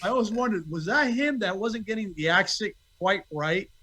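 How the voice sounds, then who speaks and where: A man chatting easily as an actor guest on a podcast, talkative and relaxed. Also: high-pitched, moderate pace. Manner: easygoing, talkative. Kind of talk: casual interview chat.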